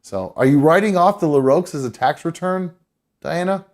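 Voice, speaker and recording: A man's voice: on the high side, normal speed. A man hosting a live call-in show, talking casually with lots of swearing and restarts. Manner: profane, rambling, with restarts.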